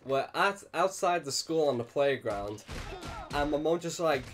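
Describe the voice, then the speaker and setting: A man's voice: fairly high pitch, measured pace, faint music behind. A young man telling a funny childhood anecdote with lots of laughter. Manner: animated storytelling with frequent laughter. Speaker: let's play host. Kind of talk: casual anecdote.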